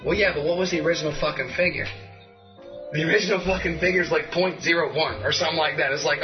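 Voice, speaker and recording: A man co-hosting a talk show, ranting in a heated, profane comedic way that climbs into yelling. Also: a little high, fast, lo-fi sound, over music. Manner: heated, swearing, builds to shouting.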